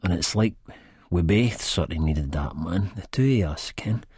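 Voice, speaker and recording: Husky, mumbling Scottish man narrating. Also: low-pitched, expressive, unhurried, a little mellow, dry recording, clean studio sound. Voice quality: mumbling, hesitant. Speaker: audiobook narrator. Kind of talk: first-person audiobook narration.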